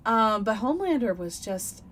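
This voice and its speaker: Giggly high-voiced woman telling stories. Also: moderate pace. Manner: giggly, animated storytelling with acted-out quotes. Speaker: podcast co-host. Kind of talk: casual chat. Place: podcast recording space.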